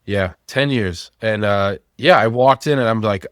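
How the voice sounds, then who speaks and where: A man's voice: mid-range voice, lively intonation, moderate pace, a bit bright, no room sound, studio quality. A man in his thirties, a company founder, telling personal stories frankly and swearing freely in a candid podcast conversation. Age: 30s.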